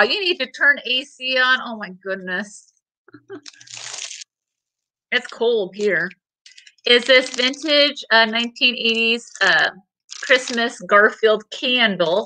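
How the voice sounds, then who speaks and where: Bright chatty woman hosting a live sale. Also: fairly high pitch, slight background noise, poor audio. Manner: chatty, rambling, answers viewer comments, laughs often. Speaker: online vintage seller hosting a live sale. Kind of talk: casual live-sale chat.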